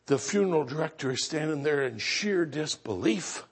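High-voiced, husky storytelling preacher. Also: male voice, expressive, normal speed, few pauses. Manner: storytelling preacher, swinging from loud exclamation to hushed earnestness. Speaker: pastor. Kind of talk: sermon.

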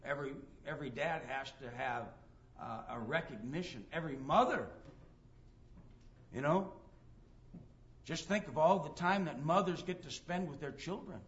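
A man's voice: fairly high pitch, normal speed, pauses often, highs cut off. A man preaching a sermon emphatically, reading scripture aloud and acting out the people in his stories. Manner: emphatic preaching, reads scripture aloud, acts out quoted dialogue.

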